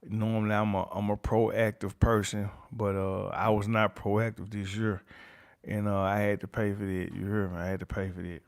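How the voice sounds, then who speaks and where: A man's voice: fairly low pitch, level tone, moderate pace. A man hosting a YouTube livestream, greeting chat viewers by name and repeating his catchphrases. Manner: repeats catchphrases, reads chat names aloud, chuckles often. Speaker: YouTube channel host.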